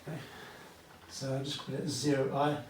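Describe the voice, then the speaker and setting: A man's voice: mid-range voice, little pitch movement, a little fast, a little mellow, slight background noise. A British man teaching a maths lesson at a whiteboard, chatty and fond of asides, checking in with "okay?" often. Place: classroom with whiteboard. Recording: echoey room, voice from far off.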